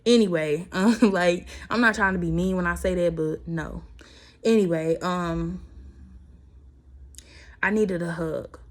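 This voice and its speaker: A woman's voice: fairly low pitch, a little slow, pauses often. A young woman telling a personal story to her viewers in a casual vlog, emotional and fighting back tears as she talks.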